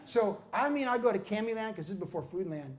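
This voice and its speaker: An older man, a pastor and former pro surfer, telling his life story to an audience as an animated storyteller who acts out quotes. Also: high voice, quick pace, reverberant. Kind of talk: storytelling talk at a book event. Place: surfing museum event hall.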